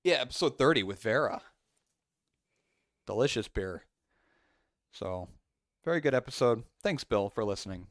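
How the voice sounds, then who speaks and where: A man's voice: mid-range voice, animated, moderate pace, pauses often, no room sound, studio quality. A man co-hosting a casual podcast, rambling through his thoughts with lots of fillers and restarts. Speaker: podcast co-host.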